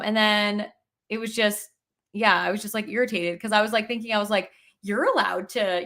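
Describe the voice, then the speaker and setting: A woman's voice: on the high side, a bit bright. A woman chatting casually on a podcast, full of fillers and acting out quoted lines. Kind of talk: casual chat.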